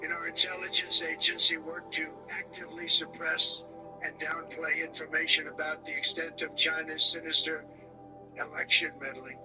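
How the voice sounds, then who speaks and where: A man delivering a prepared statement at a press briefing in a measured, emphatic manner. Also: fairly high pitch, little pitch movement. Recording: distant mic with music over it.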